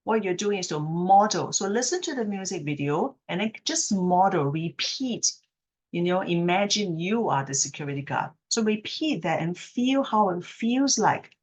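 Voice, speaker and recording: Speaking at a fairly low pitch, a female speech therapist addresses the camera to teach a technique with patience. Along the way she checks on the listener and demonstrates sample phrases slowly, exaggerating the inflection.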